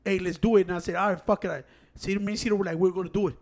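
A man's voice: high voice, fairly even intonation, rapid-fire. A young man chatting casually as a co-host, rambling and swearing, sliding between Spanish and English. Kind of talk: casual chat.

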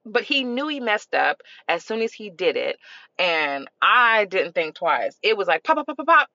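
Animated mom telling a story. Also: female voice, mid-range voice, normal speed, no room sound, lo-fi sound. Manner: animated, expressive, laughs often. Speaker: parenting podcast host. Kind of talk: casual storytelling.

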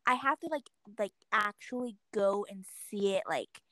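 A woman's voice: medium pitch, moderate pace, sharp tone, dry recording, poor audio. A teenage girl co-hosting a casual podcast, laughing often and filling her talk with "like". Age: late teens. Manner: giggly, filler-heavy. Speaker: podcast co-host. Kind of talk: casual chat.

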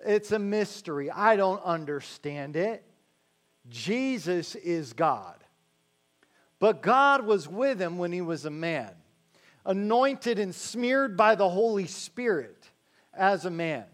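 A man preaching a sermon in a conversational way, slowing down to stress key phrases and adding joking asides to the congregation. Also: high-pitched, lively intonation. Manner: slows to stress key phrases, then rattles along quickly. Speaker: pastor.

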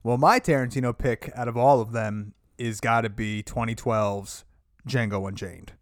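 A podcast co-host with a mid-range voice talks at normal speed and with fairly even intonation, recorded dry at studio quality. He chats casually and enthusiastically about movies, rambling and swearing freely.

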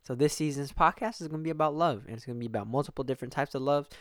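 A man's voice: medium pitch, racing, a bit bright, dry recording, clean studio sound. A young man hosting his own podcast alone, chatting casually and rambling with lots of swearing and restarts. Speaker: podcast host. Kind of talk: casual solo podcast chat.

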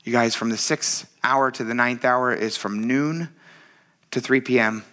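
Bright, earnest man preaching a sermon. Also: medium pitch, unhurried. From United States. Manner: earnest and conversational, often calling the congregation "you guys". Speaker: pastor.

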